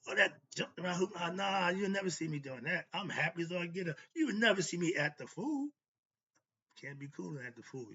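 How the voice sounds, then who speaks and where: A man's voice: on the high side, bright, forceful tone, husky. An older man giving an emphatic, repetitive spoken monologue as a self-styled spiritual teacher, often asking himself "why?". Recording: dull lo-fi recording.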